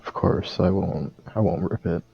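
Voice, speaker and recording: Male player, deep husky voice, gruff. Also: normal speed, lo-fi sound, soft background music.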